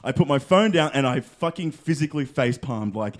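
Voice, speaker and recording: A young man co-hosting a podcast, telling a story in casual chat, animated and swearing, acting out quotes. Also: medium pitch, moderate pace. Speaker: podcast co-host.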